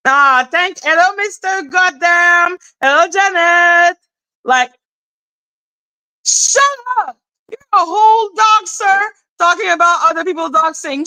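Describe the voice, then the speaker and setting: A woman's voice: high-pitched, a little slow, bright, forceful tone, no room sound, low-quality recording. A woman doing blunt, exasperated live-stream commentary, ranting and repeating herself.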